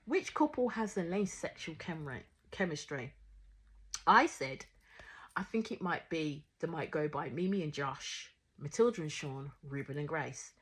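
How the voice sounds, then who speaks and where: Husky, outspoken woman reviewer. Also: low voice, unhurried. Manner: outspoken, swears freely, animated retelling. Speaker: reality show reviewer. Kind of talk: casual reaction commentary.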